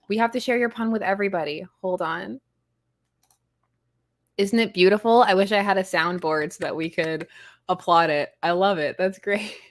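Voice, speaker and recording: A woman's voice: fairly low pitch, dry recording, studio quality. A woman hosting a casual comics livestream, chatty and self-deprecating, laughing often. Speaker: comics show host.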